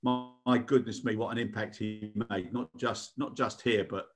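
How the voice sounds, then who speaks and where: A man's voice: on the low side, steady tone, normal speed, over loud music. A British man co-hosting a casual podcast chat, speaking earnestly and repeating words as he goes. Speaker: co-host.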